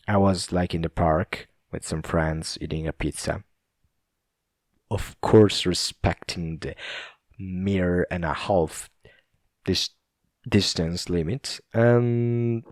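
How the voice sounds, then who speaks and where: A man's voice: sits low, vocal fry, a little mellow, dry recording, clean studio sound. A young Italian man with an Italian accent hosting a casual solo podcast, rambling, chuckling and swearing loosely. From Italy. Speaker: podcast host.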